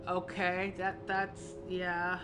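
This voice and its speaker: A woman's voice: lowish voice, monotone, drawn-out words, background noise. A woman streamer giving casual let's-play commentary, chatty with mumbled asides.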